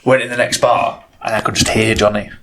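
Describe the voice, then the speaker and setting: A man's voice: on the low side, level tone, fairly quick, fairly bright tone, a little hiss or hum. A man, a guest on a podcast, telling rambling sweary anecdotes in casual chat.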